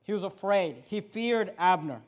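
A pastor preaching a sermon, moving from conversational storytelling into forceful, raised-voice preaching. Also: male voice, high voice, lively intonation, unhurried.

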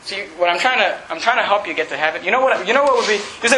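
High bright-voiced pastor preaching hard, shouts then goes quiet, echoey church, faint hiss. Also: male voice, animated, fast talker. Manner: impassioned preaching, swings from shouting to hushed prayer. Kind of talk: sermon.

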